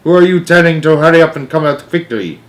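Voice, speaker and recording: A man playing a furious queen witch from a storybook, raised higher and louder than his own voice, barking short sharp demands at everyone. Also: fast talker, close to an everyday voice. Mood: snapping. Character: furious female arch-witch, imperious and snappish. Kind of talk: read-aloud storybook voice acting.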